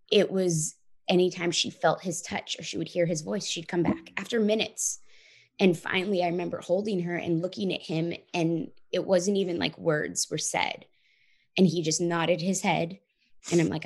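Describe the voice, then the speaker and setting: Woman, 30s, interview guest; earnest reflective storyteller, low voice with vocal fry. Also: steady tone, normal speed. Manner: earnest, reflective, frequent "like" and "you know".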